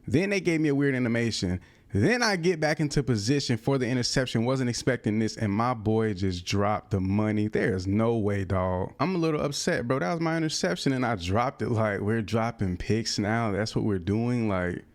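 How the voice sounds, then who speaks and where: Young male gaming creator, low voice, casual slangy play-by-play with flashes of frustration. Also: normal speed. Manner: casual slang-filled talk, bursts of excited frustration. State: out of breath. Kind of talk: live gameplay commentary.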